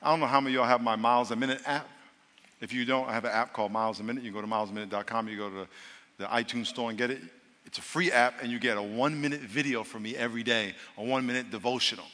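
A male pastor preaching a storytelling sermon to a live audience, animated and acting out dialogue in a raised voice. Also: medium pitch, rapid-fire. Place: large church hall with a live audience. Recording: live hall reverb, faint room noise.

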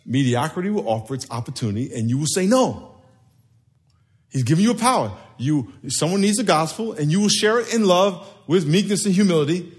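Male pastor, high-pitched, playful conversational sermon with call-and-response. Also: big pitch swings, fast. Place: church sanctuary.

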